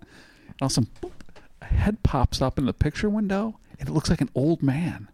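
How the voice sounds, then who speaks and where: A middle-aged man telling a funny, spooky childhood story in casual chat, animated and laughing easily. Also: fairly high pitch, fairly quick, creaky, husky, no echo.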